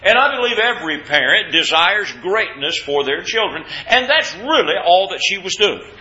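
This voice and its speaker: Bright-voiced preacher, lo-fi sermon recording. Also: male voice, high-pitched. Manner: earnest, conversational, repeats words on restarts.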